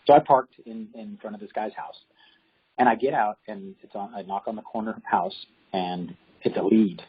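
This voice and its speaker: A husky-voiced man talks about real estate work in a relaxed interview. He tells his stories with animation and acts out the people in them. The recording sounds dull and lo-fi. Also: on the low side, moderate pace. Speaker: real estate agent guest. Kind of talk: casual interview storytelling. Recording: dull lo-fi audio.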